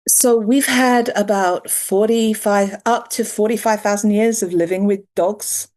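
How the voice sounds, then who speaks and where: A British woman, a dog behavior researcher, explaining her findings in a chatty, lively interview manner. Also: medium pitch, unhurried. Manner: chatty and lively, laughing easily, with mild restarts.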